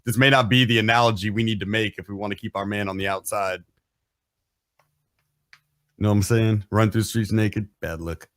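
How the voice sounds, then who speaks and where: A man with a lowish voice drops wry jokes into the talk-show banter. The recording is dry, with no room echo. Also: fairly even intonation, normal speed, long pauses, a bit bright. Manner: wry, joking asides.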